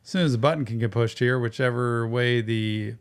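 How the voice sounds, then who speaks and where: A man, co-hosting a casual reaction chat, excitable with drawn-out exclamations. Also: mid-range voice, clear, resonant tone. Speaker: co-host of a music reaction show.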